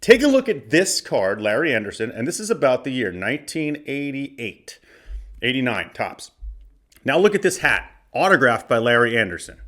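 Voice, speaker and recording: A man's voice: mid-range voice, very animated, normal speed, fairly bright tone. A man in his forties from Arizona hosting a podcast, riffing through a box of cards in a joking, profane, casual way. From Arizona, USA. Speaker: podcast host. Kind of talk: casual comedic card-opening commentary.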